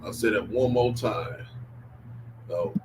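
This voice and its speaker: A man hosting a casual sports-talk livestream, animated and slangy, laughing and trash-talking as he reacts to chat. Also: lowish voice, slow pace, noisy background. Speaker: livestream host.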